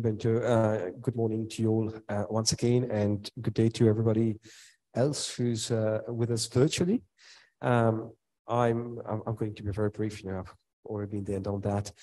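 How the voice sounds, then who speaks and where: A male lawyer gives a short introduction. His voice is low, dark, and flat. He peppers it with fillers and keeps it brief. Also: poor audio. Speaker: lawyer, managing partner.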